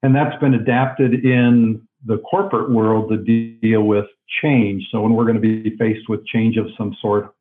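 Man guest on the phone, calm explaining voice, tinny phone sound. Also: lowish voice, measured pace, hardly any pauses, over music. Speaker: guest author. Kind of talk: interview on a call-in line.

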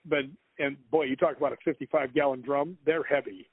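A man's voice: fairly high pitch, steady tone, a little fast, breathy edge, dry recording. A man telling long, rambling stories as a guest author in an interview, breaking into laughs. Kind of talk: storytelling in an interview. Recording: phone-like, dry line.

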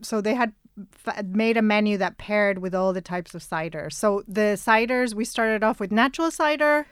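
A woman's voice: mid-range voice, moderate pace, clear, resonant tone, no room sound. A woman from Spain with a Spanish accent, a native Spanish speaker, co-hosting in English, reminiscing and sometimes searching for words. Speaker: podcast co-host. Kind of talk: casual conversational chat.

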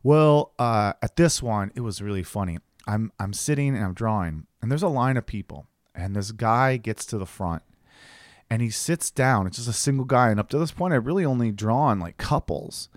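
A man's voice: moderate pace, dry recording, clean studio sound. A man, a caricature artist, telling a story in casual chat, swearing often and acting out the people he quotes. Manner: animated, swears often, acts out quoted people with big pitch jumps.

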